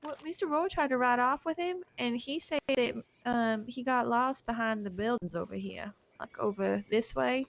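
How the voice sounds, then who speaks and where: A woman roleplaying in a western town, speaking gently and consolingly with polite old-fashioned address. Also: a little high, moderate pace, gravelly, few pauses. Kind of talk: in-character roleplay chat.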